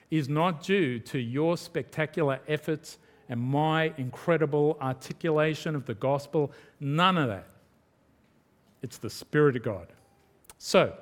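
A man preaching a sermon in a conversational style, acting out quotes. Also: fairly high pitch. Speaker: pastor.

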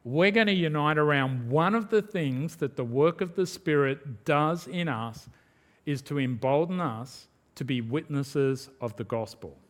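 A pastor preaches in a relaxed, conversational way, often slipping into little acted-out quotes. His voice sits a bit higher than most men's. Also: unhurried. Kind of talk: sermon.

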